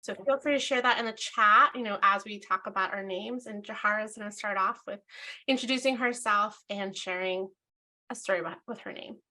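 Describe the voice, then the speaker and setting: A woman hosts an online education session, and her voice comes through bright and clear. She talks in a casual, animated way, with her pitch climbing whenever she tells a story. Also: brisk. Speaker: webinar host. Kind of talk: casual presentation.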